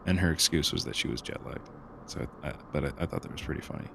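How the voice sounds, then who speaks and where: A man's voice: rumbling low, expressive, quick pace, gravelly, noisy background. A young man co-hosting a podcast, talking loosely with lots of fillers and slang in casual chat. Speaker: podcast co-host.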